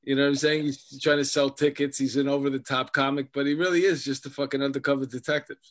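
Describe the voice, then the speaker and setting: A man in a casual podcast chat, profane and animated as he tells stories. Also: mid-range voice, quick pace.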